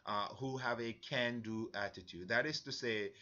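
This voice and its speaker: A Jamaican man gives an earnest, halting church briefing, leaning on fillers as he goes. His voice is bright and forceful. The recording sounds somewhat dull and lo-fi. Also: mid-range voice. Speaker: mission trip leader.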